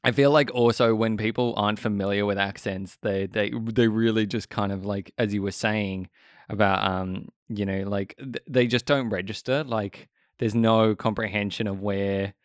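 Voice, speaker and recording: A man's voice: lowish voice, steady tone, normal speed, no room sound, clean studio sound. An Australian man in his thirties hosting a podcast, chatting casually and rambling with frequent laughs. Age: 30s. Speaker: podcast host.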